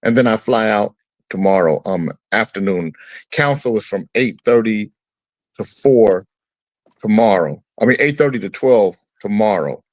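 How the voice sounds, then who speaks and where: A man's voice: on the low side, lively intonation, measured pace, no room sound, poor audio. A man hosting a morning talk show, explaining his business trip at length in casual chat with many fillers. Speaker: show host calling in. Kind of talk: casual radio chat by phone. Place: on a phone line, away from the studio. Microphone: phone.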